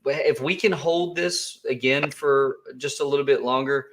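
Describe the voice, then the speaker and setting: A man co-hosts a crypto livestream, chatting casually in a joking, rambling way with many restarts. He speaks a little slowly in a medium-pitched voice, with a little hiss or hum in the audio.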